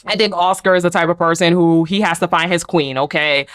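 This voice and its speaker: A young woman giving a casual recap of a reality dating show, animated and chatty, often answering the cast in quoted asides. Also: lowish voice, a little fast, clean tone. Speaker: TV recap reviewer.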